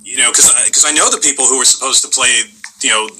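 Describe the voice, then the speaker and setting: A man's voice: mid-range voice, fast talker, sharp tone, a little hiss or hum, poor audio. A middle-aged male voice actor in casual interview chat, a wry, self-deprecating storyteller.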